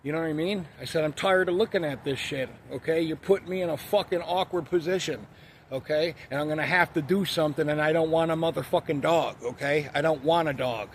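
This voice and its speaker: A man's voice: on the high side, fairly quick, slight background noise. A man telling a story in a blunt, profane, ranting way, in a casual monologue. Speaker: vlogger.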